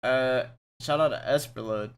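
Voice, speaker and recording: A man's voice: medium pitch, moderate pace, clear, resonant tone. A young man co-hosting a casual podcast, rambling through stories with restarts and frequent giggles. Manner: rambling storyteller with many restarts and fillers, giggly. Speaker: podcast co-host. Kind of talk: casual chat.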